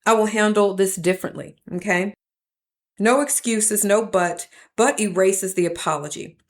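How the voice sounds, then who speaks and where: A woman's voice: mid-range voice, normal speed. A woman, hosting a faith-based teaching talk and addressing listeners as "y'all" in an earnest, preacher-like way. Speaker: podcast host.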